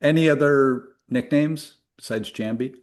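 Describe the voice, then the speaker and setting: A man hosting a casual podcast interview, upbeat and running through quick questions. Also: medium pitch. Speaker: podcast host.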